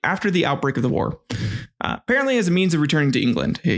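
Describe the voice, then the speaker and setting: A man's voice: fairly high pitch, a bit bright. Man with a jokey, irreverent delivery. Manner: irreverent, jokey asides with crude humor. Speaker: podcast host. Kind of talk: comedic history podcast narration.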